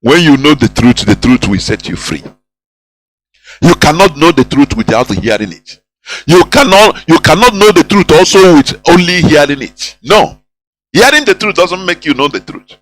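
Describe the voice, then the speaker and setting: A man's voice: a little high, sing-song, normal speed, rough recording. A man hosting a radio talk show, delivering an impassioned monologue full of repetition and rhetorical questions. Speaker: radio host.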